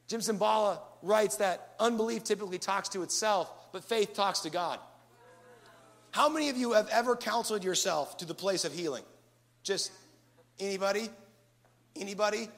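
Male pastor, high voice with gravel, animated sermon delivery. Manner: animated preaching with acted-out asides.

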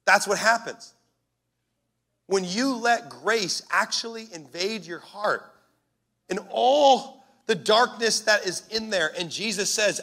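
A man's voice: sits high, slow, bright, forceful tone. A man preaching a sermon as a pastor, in an impassioned, punchy way.

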